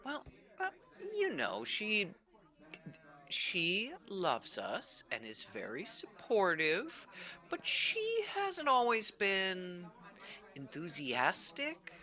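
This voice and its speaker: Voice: medium pitch, wildly swooping pitch, extremely slow, bright, forceful tone, voice pushed up, heavily acted. A player voicing an earnest, hesitant young necromancer woman. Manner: hesitant, full of fillers. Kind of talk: tabletop role-play in character.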